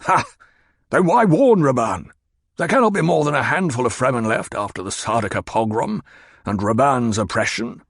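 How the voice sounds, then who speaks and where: A man's voice: medium pitch, animated, moderate pace, creaky, breathy edge, no room sound, clean studio sound. A man voicing a fat, pompous and petulant old baron who blusters and demands answers. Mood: blustering.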